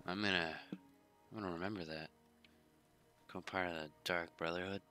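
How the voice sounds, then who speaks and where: A man's voice: low-pitched, steady tone, normal speed, bright, forceful tone, soft background music. A man casually commenting on his gameplay in a laid-back, drowsy, mumbling way. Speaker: gaming YouTuber.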